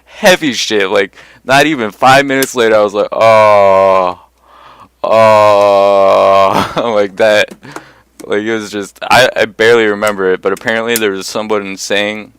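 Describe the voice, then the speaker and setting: A young man tells a personal story straight to the camera, blunt and profane, getting worked up as he goes. His voice sits low and sounds smooth and clear. The sound is dry and close, with no room echo. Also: fairly bright tone. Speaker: vlogger. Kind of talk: casual storytelling monologue.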